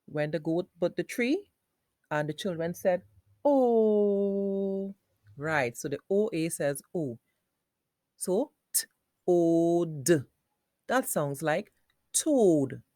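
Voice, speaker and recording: A woman teacher giving a phonics lesson for young children, sounding out words slowly in parts. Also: lowish voice, expressive, a little mellow, dry recording, studio quality.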